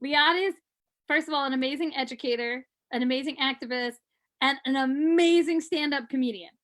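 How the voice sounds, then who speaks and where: A woman's voice: sits high, brisk, fairly bright tone. A woman co-hosting a comedic chat, gushing with enthusiasm about the guest. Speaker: co-host. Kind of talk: comedic live-stream chat.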